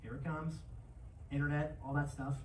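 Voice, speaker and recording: An energetic conference presenter talks through a live seminar, turning to the crowd again and again. The voice comes from far off in a large, echoey room, with faint ambience underneath. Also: mid-range voice, a little hiss or hum. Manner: energetic, animated, quick to address the crowd. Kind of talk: live seminar talk with audience interaction.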